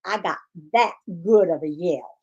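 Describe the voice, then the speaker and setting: Slow-talking woman co-host telling stories. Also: lowish voice, dull audio. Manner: slow, storytelling. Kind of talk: casual chat.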